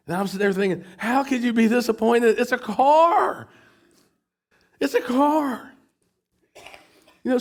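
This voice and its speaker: A man's voice: a little high, darkish tone. A middle-aged man preaching a sermon as pastor, conversational, often repeating words as he restarts.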